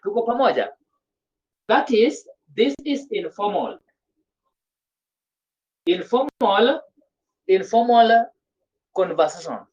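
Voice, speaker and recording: A woman teaches a class slowly, repeating phrases and checking that everyone follows. Her pitch moves a lot. The recording sounds dull and lo-fi. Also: very animated, a little mellow. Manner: slow, repetitive, checks understanding often. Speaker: French teacher. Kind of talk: classroom language lesson.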